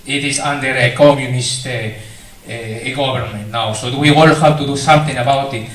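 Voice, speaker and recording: A man voicing a flirty, smooth-talking Venezuelan man who fills his talk with drawn-out "eh" and "¿no?". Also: medium pitch, steady tone, close to an everyday voice. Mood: earnest. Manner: drawn-out "eh" fillers and "¿no?" tags. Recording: echoey theater, far mic, loud laughing crowd.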